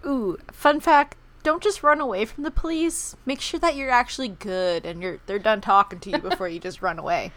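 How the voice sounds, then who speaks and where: Woman, co-host, fairly high voice, quick jokey asides. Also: a bit bright. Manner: reactive, quick jokey interjections. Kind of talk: casual chat.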